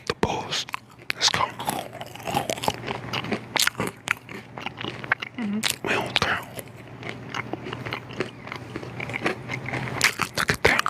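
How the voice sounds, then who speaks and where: A man in his twenties from St. Louis, whispering casual chat to viewers on an ASMR live stream, hoarse from a lost voice. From St. Louis, Missouri. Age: 20s. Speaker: ASMR creator.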